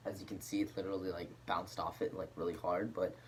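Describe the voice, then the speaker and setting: A man with a notably deep, low-pitched voice talks through a demo of something he built at home. He rambles in a loose, unscripted way, full of "um" and "like", with a faint hum of noise behind him. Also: level tone, fast talker. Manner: rambling, filler-heavy, lots of "um" and "like". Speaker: hobbyist demonstrating a homemade gadget. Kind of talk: casual show-and-tell video.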